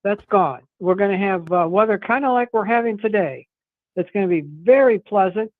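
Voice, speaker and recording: A man with a fairly high voice calls in a relaxed, chatty weather forecast. The line is thin and phone-like, and the sound is dry and close, with no room around it. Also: normal speed, dry recording. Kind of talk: radio weather report by phone.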